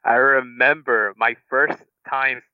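A man's voice: medium pitch, steady tone, takes it slowly, clear, resonant tone, dry recording. Hesitant man on a tinny phone-like line. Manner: hesitant, many fillers. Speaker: podcast guest. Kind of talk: casual anecdote.

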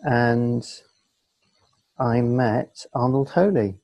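Gravelly, deadpan male podcast host. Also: mid-range voice, drawn-out words, no echo, muffled recording. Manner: dry, deadpan teasing. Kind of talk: casual chat.

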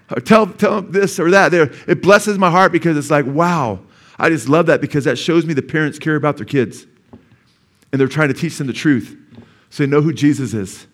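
A man's voice: a little high, a bit bright. A middle-aged male pastor preaching a sermon in a church, talking conversationally and asking the congregation questions.

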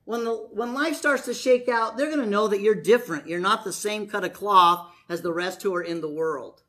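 A man's voice: high voice, moderate pace, sharp tone. A man preaching a conversational sermon to his congregation, telling stories and acting out quoted voices.

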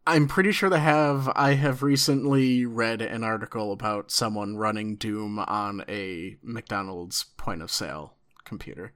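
Slow-talking, dry male podcast co-host. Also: lowish voice, steady tone, a bit bright. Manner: laid-back, dry, drawn-out. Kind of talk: casual podcast chat.

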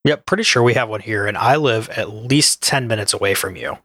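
A man's voice: lowish voice, a little fast, fairly bright tone, dry recording, studio quality. A man co-hosting a podcast in casual chat, joking and easygoing. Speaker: podcast co-host.

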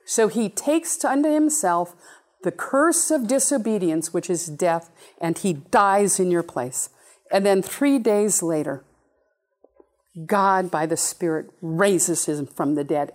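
A woman preaching a sermon in an animated, playful way, with sudden high exclamations. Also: slow. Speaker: speaker giving a talk.

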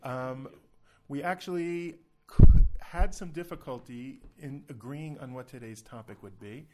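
A man's voice: medium pitch, a little slow, dark tone. A man hosting a casual podcast, talking in a chatty, self-deprecating way with loose restarts. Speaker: podcast host.

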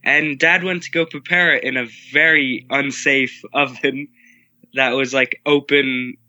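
A young man, the son, recounting a camping trip in a relaxed, wry, casual way. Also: mid-range voice, unhurried, dry recording, muffled recording. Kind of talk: casual storytelling.

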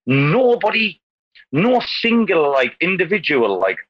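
A man hosting a casual online community call, rambling and repeating himself as he talks excitedly and calls people darling. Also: fairly high pitch, measured pace, no echo, muffled recording. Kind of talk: casual online group chat.

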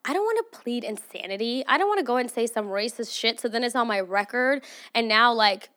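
A young woman hosts her own podcast in a loose, chatty way, her fairly high voice stuffy and nasal from allergies. She swears freely and teases her listeners with animated, scolding banter. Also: brisk. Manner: profane, animated, playfully scolding. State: congested from allergies. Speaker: podcast host. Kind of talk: casual chat.

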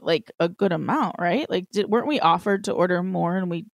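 A woman's voice: fairly low pitch, a little fast, vocal fry, no echo. A woman in casual chat, blunt and frustrated, swearing now and then.

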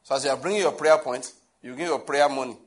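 A man's voice: mid-range voice, fast. Nigerian man preaching with humor. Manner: conversational, humorous preaching with rhetorical questions. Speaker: pastor. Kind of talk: sermon.

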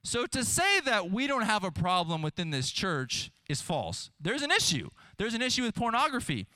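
A young man, a pastor, giving a sermon to a church audience in a conversational, animated, self-deprecating way, often asking "right?". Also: high voice, normal speed, no room sound. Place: church hall with live audience.

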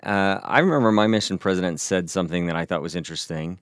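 Podcast guest: man, low and smooth, animated storyteller. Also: quick pace, dry recording, studio quality. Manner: animated, acts out quoted voices. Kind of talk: casual storytelling.

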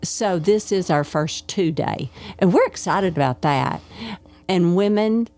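A woman's voice: lowish voice, animated, a little slow, darkish tone. A woman from Arkansas with a Southern accent, hosting a casual podcast chat and repeating herself for emphasis. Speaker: host and ministry leader.

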